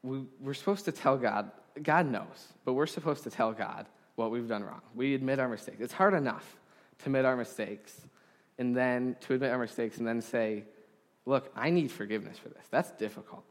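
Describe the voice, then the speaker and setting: A man's voice: medium pitch, moderate pace. Earnest male preacher in a reverberant hall. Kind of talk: sermon. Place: congregation hall.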